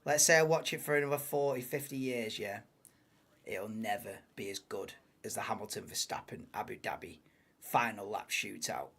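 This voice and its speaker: A man's voice: lowish voice, moderate pace, creaky, a bit bright, breathy edge. A man hosting a live watchalong, casual banter-heavy commentary that swears and laughs at his own jokes.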